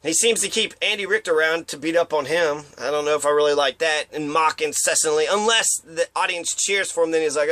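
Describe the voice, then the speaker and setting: A man's voice: fairly high pitch, brisk, few pauses, pushed and bright, dry recording. A man giving a rambling, profane monologue of opinions, now and then acting out quotes in mocking voices. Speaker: commentator.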